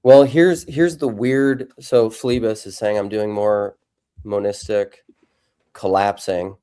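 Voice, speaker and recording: A man's voice: lowish voice, fairly even intonation, slow, mellow, clean tone. A man hosting a live discussion on theology, thinking aloud with frequent restarts and reading out viewer comments. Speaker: podcast host.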